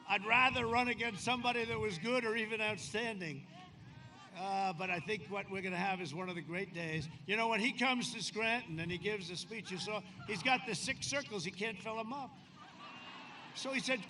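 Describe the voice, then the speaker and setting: A man's voice: high-pitched, moderate pace, bright, forceful tone. A man giving a rambling, boastful campaign speech at an outdoor rally, talking off the cuff. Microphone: podium microphone. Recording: noisy outdoor rally recording. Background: outdoor rally noise.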